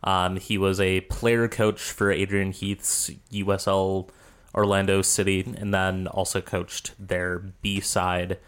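A man co-hosting a casual sports podcast, giving measured, detailed background. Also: sits low, little pitch movement, clear, resonant tone. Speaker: podcast co-host.

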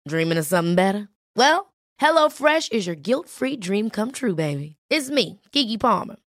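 A woman's voice: medium pitch, big pitch swings, normal speed, no room sound. A woman reading a scripted ad in a playful, teasing way. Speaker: ad spokesperson. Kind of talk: scripted radio ad read. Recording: dry studio read with music. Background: light music bed.

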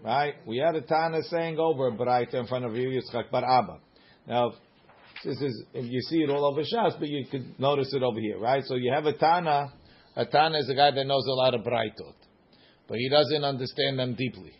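Husky-voiced man teaching a Talmud class. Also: mid-range voice, a little fast, highs cut off. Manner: sing-song study chant, mixing Aramaic phrases with English.

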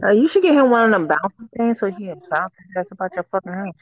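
A woman's voice: medium pitch, animated, fast talker, lo-fi sound. A woman co-hosting a podcast in casual chat, blunt and profane with mock threats. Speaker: podcast co-host.

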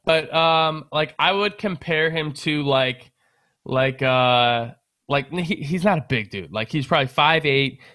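A young man with a bright, forceful voice tells a story in a loose, rambling way, full of swearing and filler words. His delivery is casual and animated, the tone of a podcast chat between friends. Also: fairly high pitch, a little slow. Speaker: guest telling a story.

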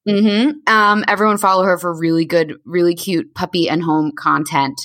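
A woman's voice: on the low side, fairly even intonation, moderate pace, fairly bright tone. A woman co-hosting a podcast in casual chat, steadily steering the conversation. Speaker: podcast co-host.

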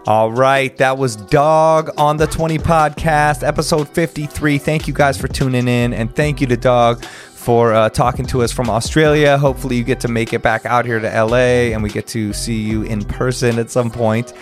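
A man's voice: medium pitch, fairly even intonation, normal speed, few pauses, faint music behind. A man with an American accent hosting a casual podcast interview, laid-back and slangy, often laughing. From United States. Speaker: podcast host.

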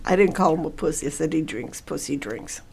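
A woman's voice: low voice, expressive, a little fast, vocal fry, darkish tone, a little hiss or hum. A woman co-hosting a podcast, firing off dry, sarcastic comebacks in casual chat. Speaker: podcast co-host. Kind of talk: casual movie-recap chat.

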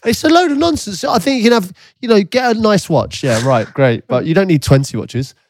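A man co-hosting a podcast in casual banter, defending himself with a laugh and halting restarts. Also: sits high, expressive, a little mellow. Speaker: podcast co-host.

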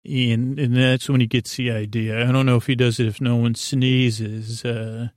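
A man's voice: mid-range voice, level tone, normal speed, no room sound, clean studio sound. A man hosting a podcast, telling a meandering story in a casual monologue and searching for words as he goes. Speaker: podcast host.

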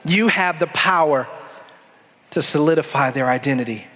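A man preaching a sermon as pastor, stretching key phrases slowly, then pressing ahead in quick bursts. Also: on the high side, sharp tone, a little hiss or hum. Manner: preaching with dramatic slow-downs and bursts. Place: church sanctuary. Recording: long hall reverb.

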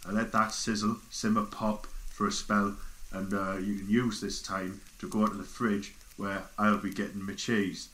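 A man voicing a hairy, gruff male Geordie biker cook with a Geordie accent, giving a deadpan comic recipe demonstration in an echoey recording. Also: lowish voice, moderate pace, natural voice. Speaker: recipe presenter. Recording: echoey, sounds like a station tannoy.

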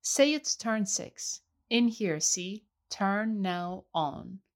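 A woman reader voicing an eager man slowly demonstrating a gadget. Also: high-pitched, heavily acted. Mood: explaining.

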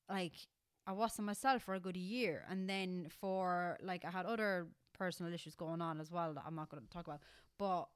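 Young Irish woman co-host, candid and chatty with a lower pitch, recorded dry. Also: clear, resonant tone, dry recording. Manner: candid, rambling, many fillers and restarts. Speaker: podcast co-host. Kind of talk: casual chat.

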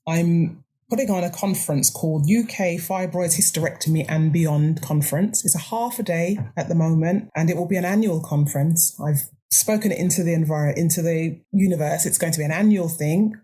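A woman's voice: lowish voice, fairly quick, hardly any pauses, dark tone, slightly rough. An older woman speaking earnestly as a podcast guest, reflective and sometimes restarting her sentences. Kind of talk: podcast interview.

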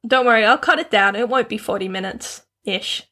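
Bright-voiced woman co-hosting a chatty podcast. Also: on the high side. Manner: playful, quick to laugh, directs the conversation. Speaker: podcast co-host and editor. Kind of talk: casual chat.

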